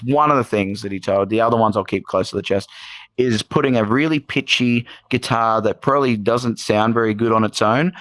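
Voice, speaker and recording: A man's voice: on the low side, no echo. An Australian man telling stories as a podcast guest in a casual, rambling way, full of fillers and restarts. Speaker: guest musician. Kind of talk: casual podcast interview storytelling.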